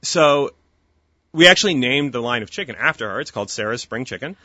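A man's voice: mid-range voice, expressive, a little fast, pushed and bright, no room sound. A man in his thirties, a company founder as interview guest, talking earnestly and at length with frequent restarts. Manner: earnest, talkative, restarts often. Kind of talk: casual interview chat. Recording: dull lo-fi dry recording.

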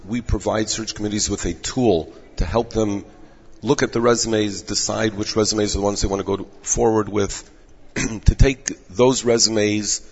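Hoarse low-voiced man advising. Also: steady tone. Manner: measured, advising. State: losing his voice. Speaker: rabbinic placement director. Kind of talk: explanatory interview answers. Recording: echoey dull room audio.

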